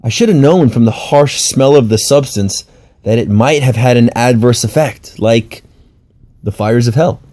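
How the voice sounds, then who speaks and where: A man's voice: medium pitch, measured pace, mellow. A man narrating a comic personal story in a wry, self-mocking way.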